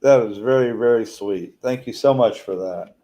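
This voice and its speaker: A man with a drawl hosts a charity auction on a live stream. He calls out bids and counts them down in a folksy, easygoing way. His voice sits at an ordinary middle pitch. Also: moderate pace, dark tone. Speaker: auction host.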